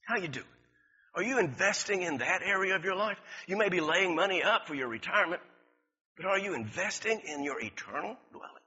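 A man's voice: high-pitched, breathy edge, in a large hall. A middle-aged man preaching a sermon, telling stories with lots of repeats and chuckles. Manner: lively, storytelling, repeats words, chuckles often. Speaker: pastor. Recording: dull lo-fi recording.

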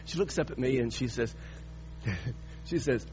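A man in his sixties preaching, telling a personal story with lively, halting restarts. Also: mid-range voice, highs cut off, a little hiss or hum. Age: 60s. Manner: animated storytelling with repeated restarts.

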